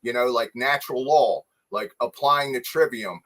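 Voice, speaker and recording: A man's voice: mid-range voice, moderate pace, a bit bright. A man being interviewed as a guest, talking earnestly about his recovery housing work with frequent chuckles. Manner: earnest, chuckling, restarts words. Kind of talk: casual chat.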